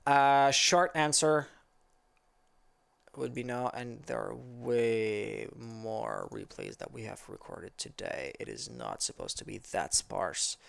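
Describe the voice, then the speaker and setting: A man's voice: medium pitch, animated, slow, creaky, a bit bright. A man from Quebec whose first language is French, speaking English with a Quebec French accent. He chats casually with his stream viewers in an easygoing, rambling way as an esports caster. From Quebec, Canada. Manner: rambling and easygoing, answers chat as he reads it. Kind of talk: casual livestream chat with viewers.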